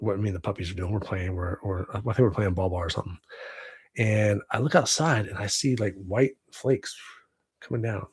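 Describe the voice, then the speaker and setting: A man's voice: lowish voice, vocal fry, slightly rough, dry recording. A man in his forties from the United States hosting a casual livestream from home on a webcam, rambling, laughing often and swearing freely. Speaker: livestream host.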